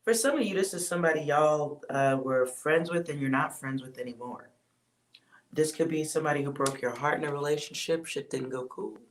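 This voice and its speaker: A tarot reader giving a loose, casual reading to viewers, blunt and sometimes swearing, trailing off into quiet asides with sighs. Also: medium pitch, a little fast.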